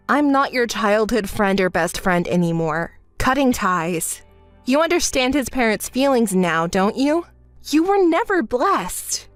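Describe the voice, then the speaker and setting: A woman narrates a texting story in a calm and dryly exasperated manner. Her pitch moves freely even when she is composed, and the recording is dry and close with light music behind her. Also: unhurried, dry recording.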